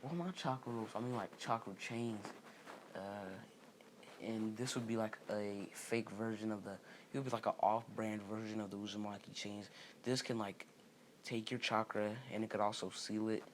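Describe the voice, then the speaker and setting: A young man with a lowish voice rambles through an unscripted story, leaning on fillers and correcting himself as he goes. Faint noise sits under his voice. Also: steady tone, normal speed. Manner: rambling, full of "like" and "uh", restarts mid-sentence. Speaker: fan storyteller.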